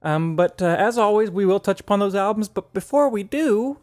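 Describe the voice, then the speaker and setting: A man co-hosting a casual podcast, chatty and quick to laugh at his own jokes. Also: high voice, lively intonation, a little mellow. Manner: chatty, laughs often, self-deprecating jokes. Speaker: podcast co-host. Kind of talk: casual chat.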